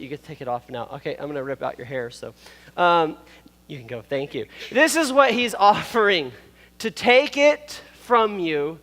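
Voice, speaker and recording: Wearing a mic, a thirty-something pastor delivers a youth sermon on a church hall stage in a casual, playful manner with asides and laughs. His voice sits high and a bit bright, trailed by a long reverb tail.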